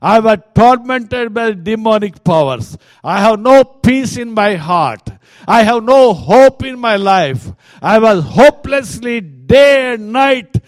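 A fervent, grateful man freed from demons, as an Indian preacher puts him on, in an Indian accent with a high voice that climbs toward shouts. He speaks slowly and deliberately, with a dry, close sound. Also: animated, no echo. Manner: impassioned, rising to a shout.

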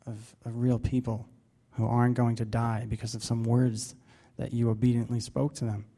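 A man's voice: medium pitch, level tone, moderate pace, mellow. A man leading a Bible study, preaching casually with many fillers and restarts. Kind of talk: casual sermon.

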